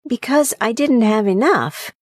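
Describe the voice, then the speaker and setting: A woman's voice: animated, a little slow, no echo, clean studio sound. A woman voicing a small five-year-old boy who pleads with his father. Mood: earnest. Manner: high, eager, pleading.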